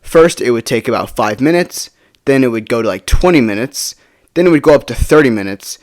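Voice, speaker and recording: A man's voice: mid-range voice, expressive, fairly quick. A teenage boy from the United States telling a casual storytime, rambling with lots of fillers and swearing.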